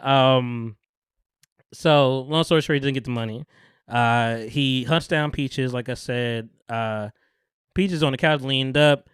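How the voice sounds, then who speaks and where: In a relaxed podcast chat, the host, a man, recounts a TV episode with animation, laughing a lot and cursing without restraint. He speaks slowly in a mid-range, clean-toned voice, recorded dry in a clean studio.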